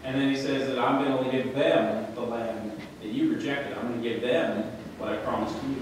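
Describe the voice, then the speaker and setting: A man's voice: mid-range voice, fairly even intonation, normal speed, few pauses, background noise. A man preaching a sermon as pastor, conversational and joking, reading scripture aloud in a church. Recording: echoey church hall, voice from far off.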